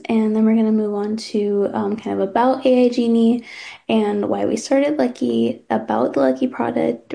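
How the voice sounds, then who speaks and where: A young woman pitches her startup's product over a video call in a casual presentation. Her voice is a little high and warm, with vocal fry, and she sounds hesitant, leaning on fillers and drifting into upspeak.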